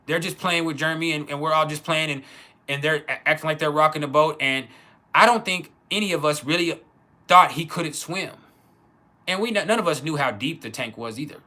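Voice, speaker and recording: A man tells a story from his childhood, talking casually and stumbling over restarts. His voice is fairly high and very bright, with a forceful edge. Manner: casual, halting, many restarts and repeats. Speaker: channel host. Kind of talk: personal storytelling.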